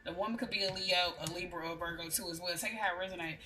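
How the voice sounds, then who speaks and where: A woman's voice: on the low side, steady tone, very fast, distant mic, very noisy. A woman giving a casual, blunt tarot reading, chatting to her viewers. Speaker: tarot reader. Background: music.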